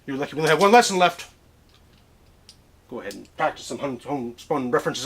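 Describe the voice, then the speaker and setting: A man's voice: medium pitch, lively intonation, fast talker, long pauses. A man giving a mock-pompous comic lecture in an exaggerated professor voice. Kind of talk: mock classroom lesson.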